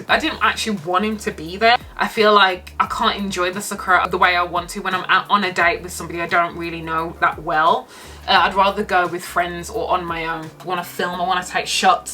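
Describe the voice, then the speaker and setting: A woman's voice: fairly low pitch, sharp tone. A young woman telling a dating story on her vlog, sassy and exasperated as she recounts it. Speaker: vlogger.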